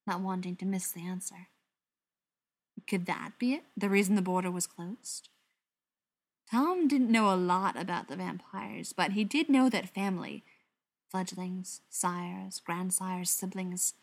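A woman narrating an audiobook in a calm, measured reading. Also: lowish voice, vocal fry. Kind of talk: scripted narration.

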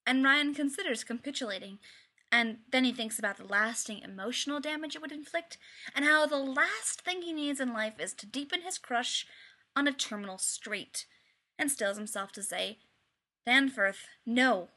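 A woman reading fan fiction aloud with wry, expressive storytelling. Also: high voice, normal speed. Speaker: reader.

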